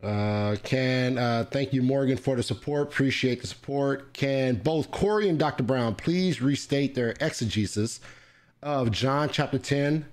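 A man's voice: mid-range voice, unhurried. A man moderating a live-streamed debate, casually reading out viewer questions and giving turns. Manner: casual, laid-back, reads viewer questions.

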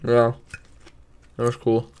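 A young man talks straight into his camera from his bedroom, wandering from one thought to the next. His delivery is deadpan and sarcastic, with steady profanity. His voice sits at an ordinary middle pitch. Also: slow, clean tone. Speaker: vlogger. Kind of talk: casual vlog chat. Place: home bedroom.

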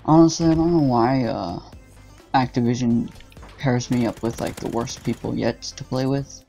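Young male gaming host, dark gravelly tone, annoyed running commentary full of swearing over gunfire. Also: medium pitch, normal speed. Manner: frustrated, swearing, ranting at teammates. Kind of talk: casual gameplay commentary. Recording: game music and gunfire behind.

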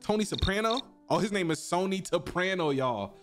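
A man giving casual, excitable commentary while playing a video game, joking, laughing and swearing often. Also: high-pitched, normal speed, few pauses, soft background music. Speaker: gaming streamer.

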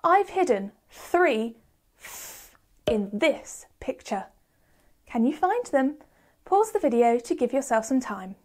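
A woman leads a children's phonics lesson in a bright, sing-song teacher voice. She speaks high and with lots of melody, taking her time. Her delivery is slow and encouraging, pitched for small children. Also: big pitch swings.

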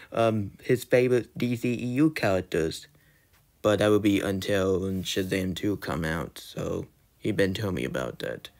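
A man's voice: fairly low pitch, a little mellow. A young man vlogging a heated, repetitive rant and apologizing to his viewers along the way. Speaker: YouTuber. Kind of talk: ranting commentary.

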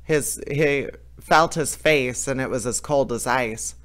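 Smooth-voiced man reading a fairy tale. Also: mid-range voice, slow. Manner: lively, with small slips and restarts. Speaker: storyteller.

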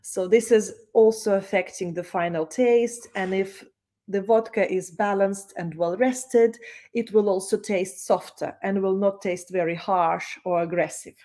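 A woman instructor giving an online lecture, explaining slowly with many hesitations. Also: medium pitch, fairly even intonation, dark tone.

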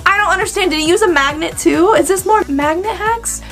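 Bubbly high-voiced woman vlogger. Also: brisk, fairly bright tone, soft background music. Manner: bubbly, exclamatory, playful voices. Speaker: arcade vlogger. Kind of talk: excited reaction commentary.

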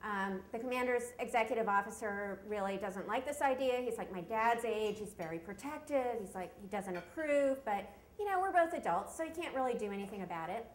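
A woman's voice: mid-range voice, lively intonation, a little fast, few pauses. A woman performing a self-deprecating, humorous personal story at a live story slam on a stage microphone. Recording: roomy live venue.

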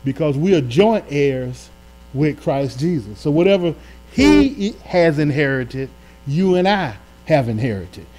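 A man preaching to a live congregation, his slightly high voice swelling into emphatic peaks and dropping into quiet, folksy asides. He talks in a colloquial way and keeps checking in with the room. A steady mains hum sits under the live-streamed church recording. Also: a little slow, poor audio. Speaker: pastor. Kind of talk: sermon. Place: church during a live-streamed Bible study.

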